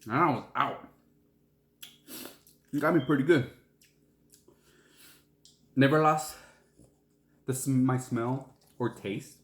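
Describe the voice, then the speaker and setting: A man talks slowly and easily in a casual eating video, often with his mouth full and sprinkling in Spanish exclamations. His voice sits in a middle range, and it bounces around a roomy, echoey space. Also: medium pitch. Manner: slow and relaxed, mixing in Spanish exclamations. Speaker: food vlogger. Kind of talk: casual mukbang chat while eating. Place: at home. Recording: roomy echo.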